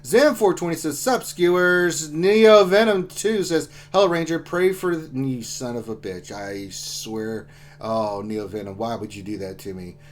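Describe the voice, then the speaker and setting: A fairly high-voiced man hosts a casual live stream and reads out chat greetings. He jokes loosely, jumps from loud shout-outs to low mutters, and talks through back pain while drinking. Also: a little slow, slight background noise. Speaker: livestream host.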